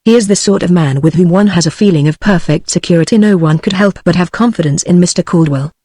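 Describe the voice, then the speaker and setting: A woman's voice: on the low side, fast, warm tone, dry recording, natural voice. A text-to-speech woman's voice with a British accent voicing a frightened young woman passenger, without changing its voice. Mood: worried. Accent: British English. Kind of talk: synthetic text-to-speech book reading.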